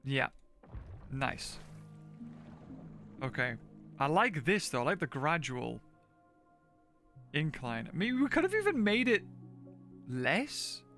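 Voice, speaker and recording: A man's voice: fairly high pitch, very animated, slow, pauses often, pushed and bright, faint music behind. A man chatting casually while streaming gameplay, thinking aloud, laughing often and talking to his chat. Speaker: game streamer. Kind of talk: casual livestream gameplay commentary.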